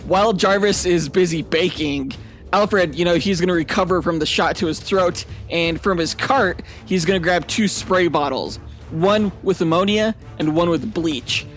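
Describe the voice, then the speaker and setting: A man's voice: sits high, normal speed, faint music behind. A man co-hosting a podcast, telling an over-the-top fight scenario playfully and laughing along. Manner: animated, laughing storyteller. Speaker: podcast co-host. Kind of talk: playful comedic debate.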